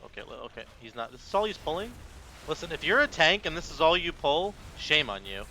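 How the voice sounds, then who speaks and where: Bright, animated gamer man. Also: fairly high pitch, quick pace, a little hiss or hum. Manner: animated, exclamatory, self-mocking. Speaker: gaming content creator. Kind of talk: live gameplay commentary.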